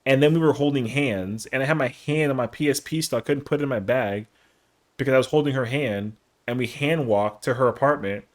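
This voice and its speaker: A man's voice: medium pitch, fairly quick. Slangy man rambling through a story. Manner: slangy, rambling, lots of fillers, acts out the quotes. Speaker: streamer. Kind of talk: casual storytelling on a live stream.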